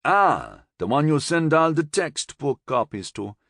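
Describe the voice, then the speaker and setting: A man voicing an older, relaxed, genial musician who talks in an easygoing, gently teasing way. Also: a little high, unhurried, gravelly, dry recording, studio quality, pitched above the performer's own voice, exaggerated voice.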